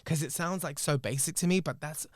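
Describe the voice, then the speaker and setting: A man's voice: a little high, fairly quick, no echo, clean studio sound. A man, hosting a podcast and telling a personal story in an emotional, reflective, candid way, swearing freely. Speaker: podcast host.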